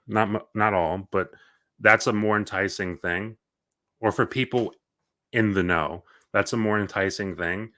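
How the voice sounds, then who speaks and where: A man's voice: on the low side, sharp tone. A man co-hosting a gaming podcast, telling rambling stories in casual chat and correcting himself as he goes. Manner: rambling, self-correcting storyteller. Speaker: podcast co-host.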